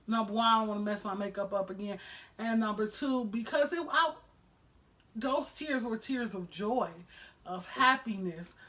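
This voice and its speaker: A woman's voice: fairly high pitch, pushed and bright. A woman vlogger telling a personal story to camera at home, emotional and candid, with a lot of "you know" fillers.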